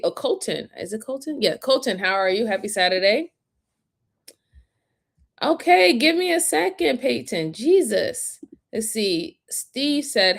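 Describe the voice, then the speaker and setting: A woman hosting a livestream, giving casual commentary on crime footage and greeting viewers by name, with relaxed talk full of fillers. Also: mid-range voice, creaky. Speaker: livestream host reviewing crime interrogation footage.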